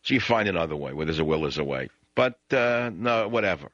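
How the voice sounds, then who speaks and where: Low forceful New York radio host. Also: male voice, lively intonation, brisk, dry recording, dull audio. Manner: ranting, sarcastic, with sudden rising outbursts. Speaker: radio talk show host. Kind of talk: opinionated talk radio monologue.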